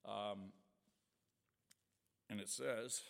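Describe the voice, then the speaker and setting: A middle-aged man, a worship leader, praying and telling his testimony in a chatty, lively way, laughing often and acting out voices. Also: lowish voice, extremely slow, vocal fry. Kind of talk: prayer and personal testimony talk. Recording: long reverb of a large hall.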